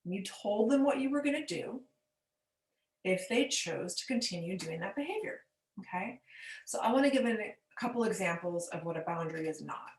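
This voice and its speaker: A woman's voice: mid-range voice, expressive, moderate pace. Patient woman coach in an echoey room. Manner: patient, explaining with everyday examples; checks in with "okay?". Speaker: forgiveness coach. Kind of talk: teaching monologue. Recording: roomy echo.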